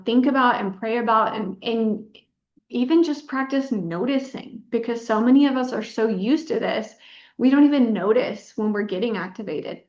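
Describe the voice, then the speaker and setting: A woman teaches a workshop in an encouraging way, doubling up words to stress her points. Her voice sits a little high. The sound is echoey and slightly dull, as if recorded in a bare room. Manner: warm encouraging teacher, repeats words for emphasis. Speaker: pelvic health physical therapist teaching a workshop. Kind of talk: workshop presentation.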